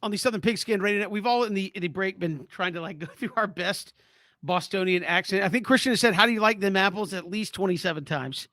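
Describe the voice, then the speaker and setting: Jokey male sports radio host, high bright tone, dry studio sound. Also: fast talker, no room sound. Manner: jokey, laughs a lot, hesitant fillers. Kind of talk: sports radio talk show hosting.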